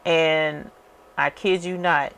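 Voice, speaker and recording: A woman's voice: low-pitched, steady tone, takes it slowly, a bit bright, smooth. A woman hosting a crafting channel, telling a story in a chatty, casual way and calling her viewers y'all. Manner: chatty, addresses viewers as y'all, many fillers. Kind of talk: casual storytelling while working.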